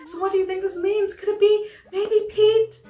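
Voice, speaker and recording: A woman's voice: fairly even intonation, moderate pace, dark tone, echoey room. A woman voicing a lovestruck young female pelican who gushes breathlessly. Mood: giddy. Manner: breathless gushing, voice climbing high.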